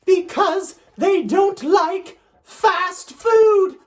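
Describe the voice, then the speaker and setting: A woman voicing a high singsong puppet girl. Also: extremely slow, exaggerated voice. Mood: playful. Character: cheerful joke-telling puppet girl. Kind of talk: children's puppet show.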